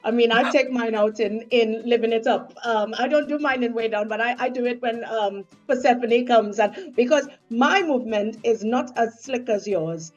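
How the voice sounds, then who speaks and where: A woman in her forties with a Trinidadian accent, a stage actor chatting casually, often laughing and pausing mid-thought. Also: on the high side, muffled recording, faint music behind. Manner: warm, laughs often, halting. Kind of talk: casual conversation.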